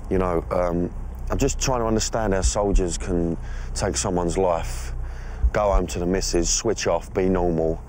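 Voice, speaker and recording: A man's voice: deep voice, steady tone, unhurried, a little mellow, slight background noise. A man, presenting a documentary in a blokey, sweary, slangy chat. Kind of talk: casual on-location chat.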